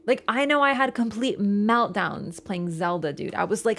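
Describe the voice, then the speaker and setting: A woman's voice: on the high side, big pitch swings, moderate pace, gravelly, a bit bright, slight background noise. A young woman game streamer wrapping up her livestream in a rambling, chatty way, with casual swearing. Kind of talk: casual livestream sign-off chat.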